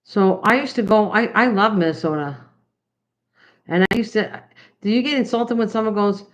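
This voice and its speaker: A woman's voice: medium pitch, moderate pace. An older woman from the United States chatting rambly with viewers while she makes cards on a livestream. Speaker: craft livestreamer. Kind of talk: casual livestream chat while crafting. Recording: slightly dull lo-fi stream audio.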